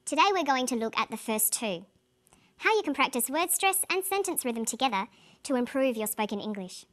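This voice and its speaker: Clear-spoken woman teaching an English lesson. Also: sits high, very animated, brisk, fairly bright tone. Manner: clear, carefully paced teaching delivery. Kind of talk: scripted lesson narration.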